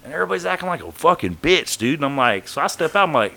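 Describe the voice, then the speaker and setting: Man, storytelling, profane, acts out voices, bright, lively pitch. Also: very fast, vocal fry. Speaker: podcast guest telling his story. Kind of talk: casual storytelling.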